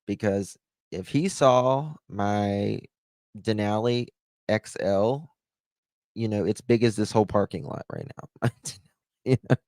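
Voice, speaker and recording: Livestream host, a man, slow and rambling, with a dry, close sound and a low voice. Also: darkish tone, dry recording. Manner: rambling, chatty, fills with "uh" and "like". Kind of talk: casual livestream chat, thanking viewers.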